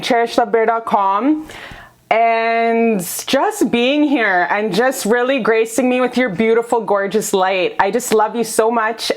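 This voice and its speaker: A woman giving a casual tarot reading to camera, gushing and bubbly, swearing freely and laughing often. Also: a little high. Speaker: tarot reader.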